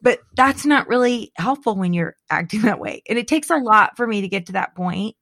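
Middle-aged female co-host, chatty and animated, frequent laughs and restarts, dry recording. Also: mid-range voice, normal speed, gravelly, no room sound. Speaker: podcast co-host. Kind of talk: casual chat.

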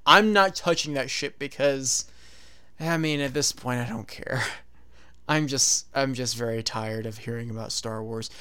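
A man's voice: medium pitch, measured pace, pushed and bright, clean tone. A man in casual podcast chat, blunt and weary, swearing casually.

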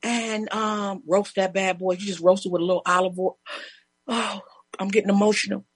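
A woman guest telling lively stories in casual chat, laughing and acting out other people's lines. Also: medium pitch, normal speed, breathy edge, no room sound. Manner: animated, laughing, acts out neighbors' lines.

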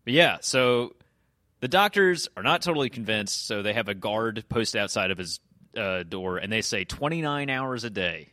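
Man, podcast host, bright, rambling casual recap, dry close mic. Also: lowish voice, lively intonation, normal speed, no room sound. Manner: loose, rambling recap, often slips into quoting characters. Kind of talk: casual chat.

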